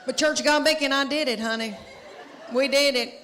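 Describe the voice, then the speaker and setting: Onstage in front of a live crowd, a middle-aged woman spins comedic stories in a chatty, self-deprecating style, tossing folksy asides to the audience. Her voice sits high with fairly even intonation, a little fast and fairly bright. The live recording has long reverb and a little hiss or hum.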